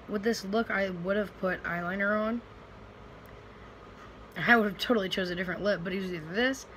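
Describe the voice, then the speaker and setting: A woman's voice: medium pitch, a bit bright, slight background noise, low-quality recording. A young woman, rambling casually to camera in a home vlog, full of fillers and restarts. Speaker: vlogger. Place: at home, indoors.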